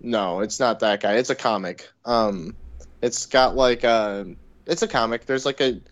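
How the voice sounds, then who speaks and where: A man's voice: medium pitch, unhurried, no echo. A young man in casual chat, laid-back, reacting with swear words. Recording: dull dry lo-fi sound.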